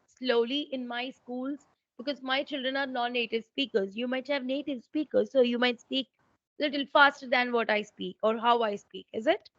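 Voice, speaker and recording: Indian-accented woman teacher, higher voice, explains patiently, dull dry call audio. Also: steady tone, moderate pace, fairly bright tone, no echo. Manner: explanatory, checks for understanding. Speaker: English teacher. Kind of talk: online teaching exchange.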